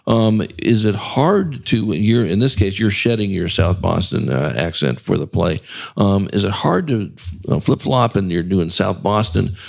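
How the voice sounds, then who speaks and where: Male host, very low voice, gravelly, rambling, jovial. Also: expressive, a little slow, darkish tone. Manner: rambling, filler-heavy, jovial. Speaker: radio show host. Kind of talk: casual interview chat.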